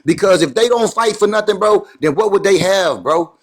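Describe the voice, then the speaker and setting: A man's voice: sits high, lively intonation, moderate pace. A man ranting preachily and saying "bro" again and again. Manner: preachy, says "bro" constantly. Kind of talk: heated casual rant.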